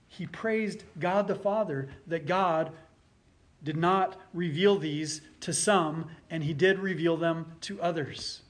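A man preaching a sermon as pastor, with a voice pitched a little above the usual for men. He reads scripture aloud with mounting force, then drops back to explain it in plain terms. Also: takes it slowly.

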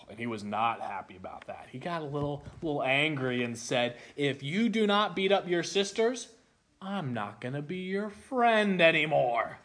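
Guy giving a sermon, tells a funny story all lively, kinda high-ish voice. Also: moderate pace. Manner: animated storytelling, acts out voices. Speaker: preacher.

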